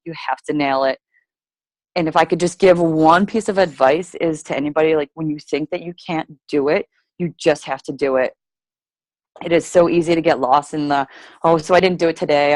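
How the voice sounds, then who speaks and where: Young woman, low voice, chatty testimony, lots of "like", dry close recording. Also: no echo. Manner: chatty, lots of "like", acts out own quotes. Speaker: guest sharing fitness story. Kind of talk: casual personal testimony.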